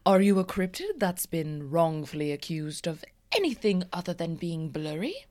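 A woman's voice: fairly low pitch, sing-song, normal speed, few pauses, darkish tone. A woman co-hosting a podcast in casual chat, cracking playful jokes. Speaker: podcast co-host.

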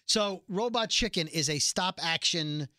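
A man's voice: sits high, a little slow, sharp tone, no echo, studio quality. A man co-hosting a podcast in casual chat, rambling with frequent restarts. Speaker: podcast co-host.

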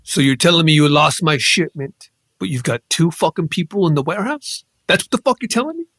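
A man's voice: a little high, animated, fairly quick, fairly bright tone, no echo, studio quality. A man playing a brash, swearing crime henchman in an improv comedy scene. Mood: gruff. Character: petty male crime boss's henchman, touchy.

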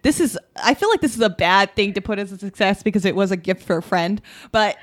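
A woman's voice: medium pitch, expressive, fast talker. A young woman chatting casually and laid-back, with lots of fillers and swearing. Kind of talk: casual chat.

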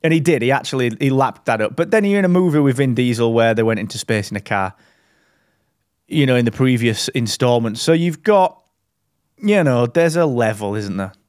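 A man's voice: medium pitch, a little fast, no room sound. Guy riffing on a podcast, dry sound, mid voice. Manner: jokey, animated, slips into mock impressions. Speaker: podcast co-host. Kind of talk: casual banter.

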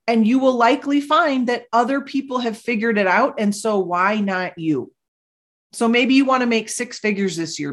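A middle-aged woman hosting a motivational podcast, talking upbeat with playful asides that act out her own inner voice. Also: medium pitch. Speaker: podcast host.

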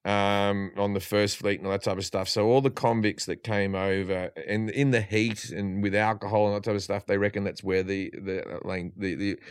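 A man's voice: fairly low pitch, moderate pace, hardly any pauses, clear, resonant tone. An Australian man, a guest comedian, chatting casually on a podcast, telling stories and swearing a lot. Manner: sweary, animated storytelling.

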